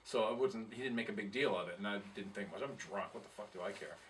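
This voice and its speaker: Low-voiced man rambling through a story, distant mic. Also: fast, slight background noise. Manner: rambling, profane, laughing at himself. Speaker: guest musician telling tour stories. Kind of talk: casual podcast storytelling.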